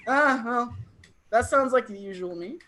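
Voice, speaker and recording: A woman's voice: a little high, a little slow, fairly bright tone, rough recording. A woman hosting an online comedy show, joking and self-deprecating, laughing often. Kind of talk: casual stand-up hosting.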